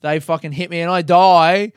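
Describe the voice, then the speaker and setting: A man's voice: sits high, steady tone, normal speed, smooth, no echo. A young man hosting a podcast alone, telling a rambling story in a casual way, swearing freely and laughing at himself. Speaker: podcast host.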